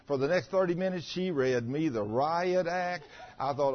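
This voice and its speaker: A pastor, preaching and telling personal stories in a folksy, chatty way with stammering restarts. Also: male voice, high-pitched, very animated, normal speed. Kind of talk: sermon with personal storytelling. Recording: muffled lo-fi recording.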